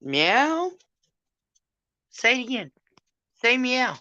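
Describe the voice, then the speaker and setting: A woman's voice: a little high, moderate pace, pushed and bright, dry recording, lo-fi sound. A woman livestreaming casual chat while hiccuping, rambling and swearing with self-mocking asides.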